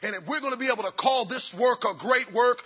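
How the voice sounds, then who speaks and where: A man preaching a fiery sermon as pastor, swinging between shouted lines and low, quiet passages. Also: fast talker, husky, dull audio.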